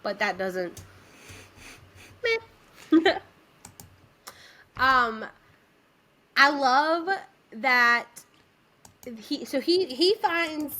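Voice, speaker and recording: Young woman, podcast co-host, high voice, animated and giggly. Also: drawn-out words, pauses often. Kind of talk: casual chat.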